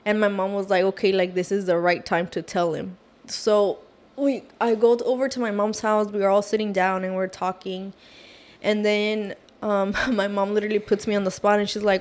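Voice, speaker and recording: With a medium-pitched voice at normal speed, a podcast guest recounts a personal story in a casual, animated way, frequently saying "like" and "oh my gosh."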